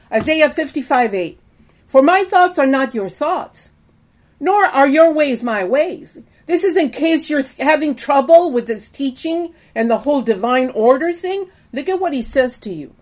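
A woman's voice: high-pitched, a little mellow. A middle-aged woman teaching a sermon to women, preachy, often calling out "amen?". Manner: preachy, frequent call-outs of "amen?".

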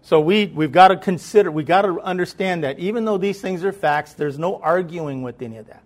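A man preaching a sermon in a conversational tone. He often checks whether the listeners are following, then rises into loud, emphatic preaching. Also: high voice, fairly quick.

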